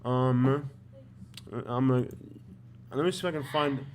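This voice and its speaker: A man's voice: mid-range voice, unhurried, crowd noise. A man hosting a live stream, chatting casually and rambling with lots of fillers. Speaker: YouTube host.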